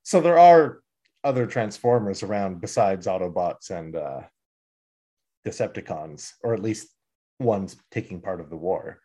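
A man's voice: low-pitched, expressive, measured pace, warm tone, husky. A man co-hosting a podcast in casual chat, joking and filling his speech with "uh"s and "um"s. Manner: joking, laughs often, fillers. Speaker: podcast co-host.

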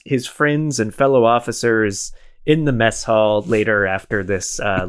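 Casual, rambling male podcast host. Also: on the low side. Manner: rambling, self-deprecating, laughs often. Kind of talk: casual chat.

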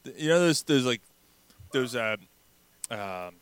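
A man hosting a laid-back sports podcast, his voice smooth and clear with a dry, close sound. He rambles and restarts his sentences, filling gaps with ums and uhs. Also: mid-range voice, animated, slow, no room sound. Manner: rambling, hesitant, lots of fillers. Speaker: podcast host. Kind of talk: casual sports chat.

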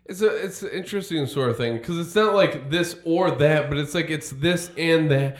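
Man, podcast co-host, rambling, stammering repeats, higher voice. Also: moderate pace, reverberant. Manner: rambling, repeats words when telling a story. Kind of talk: casual chat.

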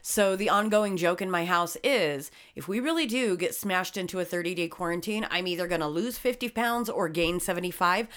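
A woman's voice: fairly low pitch, a little fast, hardly any pauses, a bit bright. A woman co-hosting a podcast, narrating a story and joking in casual chat, swearing freely. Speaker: podcast co-host.

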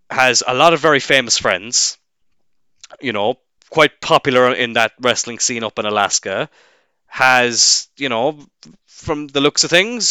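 A man's voice: medium pitch, bright, forceful tone, clear, resonant tone, no echo. Irish referee, young man, swearing and sarcastic, dry close recording. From Ireland. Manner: profane, sarcastic ranting. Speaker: wrestling referee. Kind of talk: casual rant to camera.

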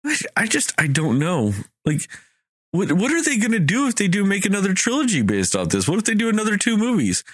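A man's voice: sits high, sing-song, fairly quick, no echo, studio quality. A man in casual chat, ranting in an exasperated way, swearing and acting out lines of dialogue. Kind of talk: casual movie review chat.

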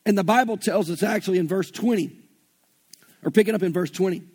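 A man's voice: high-pitched, fairly quick, darkish tone, slightly rough. A man with a Southern US accent preaching an earnest, folksy sermon and retelling scripture in everyday slang. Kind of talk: conversational sermon.

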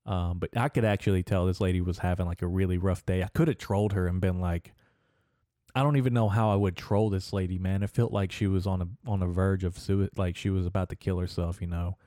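A man's voice: low voice, steady tone, a little fast, mellow, dry recording, clean studio sound. A young man hosting a podcast, telling rambling stories about shopping trips and swearing a lot as he gets worked up. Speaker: podcast host. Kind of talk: casual storytelling rant.

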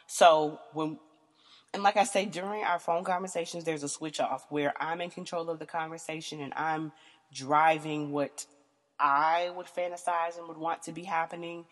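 Low-voiced, blunt, profane woman storyteller. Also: steady tone, normal speed, fairly bright tone, big-room sound. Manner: blunt, profane, frequent "you know" fillers. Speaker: podcast host. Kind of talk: candid casual storytelling monologue.

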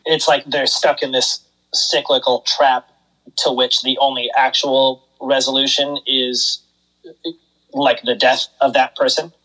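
A man's voice: mid-range voice, little pitch movement, unhurried, bright, forceful tone, poor audio. A man on a casual podcast working through his thoughts on a comic. His voice sits in the middle range, and he rambles with fillers as he reasons things out. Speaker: podcast co-host. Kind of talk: casual comic book discussion.

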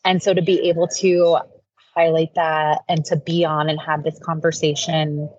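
A woman's voice: deep voice, little pitch movement, normal speed, darkish tone, no echo. A woman guest on a podcast, chatting in an earnest, casual way and leaning on "like" a lot. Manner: earnest, heavy use of "like". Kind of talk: casual interview chat. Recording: slightly dull lo-fi audio, faint noise.

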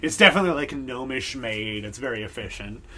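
A man's voice: medium pitch, animated, brisk, pushed and bright. Male game master, casual and rambling narration, plenty of filler words. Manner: loose and rambling, full of fillers.

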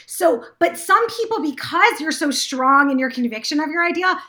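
Woman guest, bright high voice, excitable, rambling. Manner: fast, enthusiastic, rambling. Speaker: guest, business owner. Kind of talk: casual interview chat.

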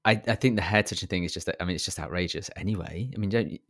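A man's voice: low-pitched, rapid-fire. A man co-hosting a podcast in casual chat, hesitant and stumbling over words. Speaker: podcast co-host.

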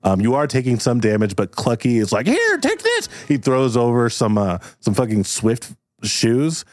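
A man's voice: medium pitch, normal speed, darkish tone, no echo, studio quality. A man hosting and narrating an improvised game in a casual, filler-heavy way. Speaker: host and game master.

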